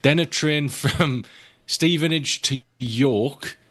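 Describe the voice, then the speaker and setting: Podcast co-host, male, bright forceful tone, teasing casual banter. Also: medium pitch, slow pace. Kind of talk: casual chat.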